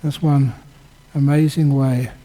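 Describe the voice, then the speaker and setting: Mellow older monk giving a dharma talk. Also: male voice, a little high, takes it slowly, poor audio. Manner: storytelling, chuckling, lively. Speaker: Buddhist monk teacher. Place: Buddhist centre.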